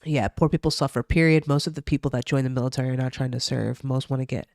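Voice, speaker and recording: A woman's voice: extremely low pitch, fairly even intonation, quick pace, a little mellow, no room sound, clean studio sound. A young woman from New Jersey chatting casually on a live stream, swearing freely and reacting to chat. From New Jersey, USA. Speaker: streamer reading the news.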